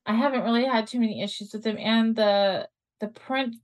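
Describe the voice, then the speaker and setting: Higher-voiced woman, casual chat. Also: steady tone, a little fast. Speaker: self-published journal author.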